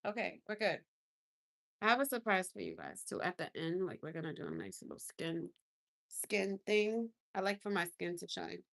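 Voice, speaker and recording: A woman's voice: on the low side, very animated, moderate pace, gravelly. A young woman doing a casual makeup livestream from her car, talking effusively with viewers and reacting to gifts. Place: inside a car.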